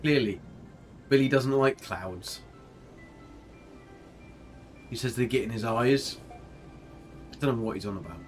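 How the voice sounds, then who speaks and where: A man's voice: mid-range voice, moderate pace. Chatty man streaming a game. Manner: chatty, jokey, rambling, reads chat aloud. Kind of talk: casual live-stream commentary. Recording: faint music behind.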